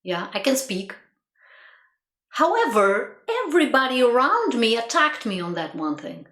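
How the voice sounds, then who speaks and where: Very animated and a little high, her slightly bright voice keeps a measured pace. As a motivational speaker, she reflects earnestly, repeats herself for emphasis, and laughs at her own stories, all in a roomy, echoing recording.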